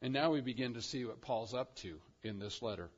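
A man preaching a sermon, swinging between loud emphatic declarations and quiet, drawn-out phrases. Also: medium pitch, lively intonation, slightly rough, muffled recording. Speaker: pastor.

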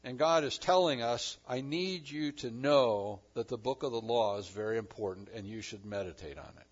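A man preaching a sermon, swinging between loud emphasis and quiet asides. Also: mid-range voice, moderate pace, slightly rough, lo-fi sound. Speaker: pastor.

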